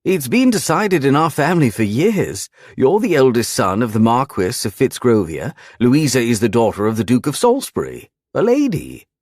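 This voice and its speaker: A man's voice: mid-range voice, wildly swooping pitch, moderate pace, few pauses, darkish tone, dry recording, clean studio sound, pitched above the performer's own voice. A man voicing a sneering, taunting young aristocrat bully in an audiobook.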